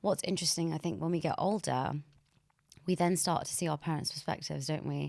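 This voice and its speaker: Brief: woman host, low voice, dry close recording, reflective. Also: a little fast, gravelly, darkish tone, no echo. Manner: empathetic, reflective. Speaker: podcast host. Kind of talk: conversational interview.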